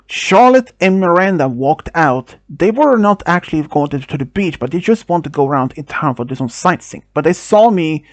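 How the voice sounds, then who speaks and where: A man who speaks Swedish as his first language tells a story about himself, halting, restarting, and using non-native phrasing. His voice is a little high, and the recording is dry.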